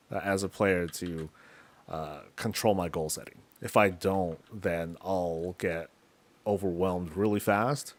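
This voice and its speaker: A man streaming a game, chatting casually in a loose, slangy, rambling way as he thinks out loud. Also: deep voice. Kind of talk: casual chat while gaming.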